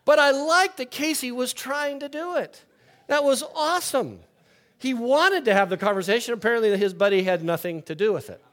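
Older man preaching a lively story sermon. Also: moderate pace. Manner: storytelling, swings from loud and lively to quiet and low. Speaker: pastor.

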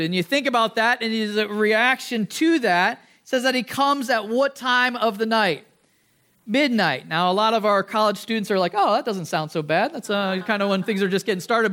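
A man's voice: high-pitched, fairly bright tone. Chatty man preaching a sermon. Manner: conversational, asks the audience questions, self-deprecating; self-corrects with restarts. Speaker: pastor.

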